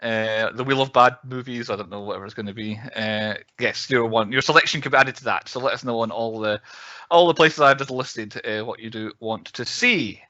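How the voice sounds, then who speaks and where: A man's voice: mid-range voice, brisk, pushed and bright, dry recording. A man hosting a casual podcast chat, rambling with lots of fillers and self-corrections. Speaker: podcast host. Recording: dull, dry recording.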